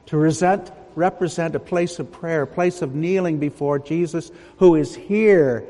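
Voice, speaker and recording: A man preaching a sermon in a large church hall, measured and emphatic, with long pauses. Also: fairly high pitch, mellow, soft background music.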